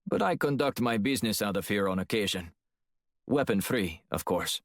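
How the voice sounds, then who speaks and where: A hulking, menacing Russian heavy with a clipped Russian accent, a man doing the voice in an audiobook, taunting and cool, dark low tone, dry close sound. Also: animated, moderate pace, no echo. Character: Russian male arms dealer, hulking, menacing.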